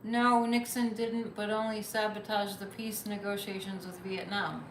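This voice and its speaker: A woman's voice: medium pitch, flat delivery, normal speed, roomy sound, slight background noise, poor audio. A woman hosting a psychic livestream, chatting casually, reading viewer comments and repeating phrases for emphasis.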